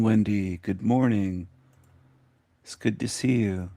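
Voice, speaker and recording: Slow, gravelly male radio host. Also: fairly low pitch, dark tone, no room sound, studio quality. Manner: theatrical, drawn-out greetings. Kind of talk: casual radio patter.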